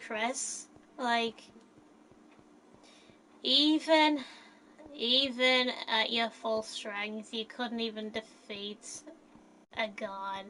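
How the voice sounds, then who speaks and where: A woman talks in a slow, drawn-out way, her voice bright and a touch higher than most. She hesitates often and fills gaps with small fillers as she casually recounts a story she imagined. Faint background noise sits under her voice. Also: fairly even intonation, low-quality recording.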